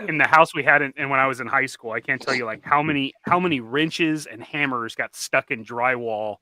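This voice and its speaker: Bright-voiced, cussing man telling stories. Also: medium pitch, moderate pace. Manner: profane, animated storytelling. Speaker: streamer. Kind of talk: casual chat.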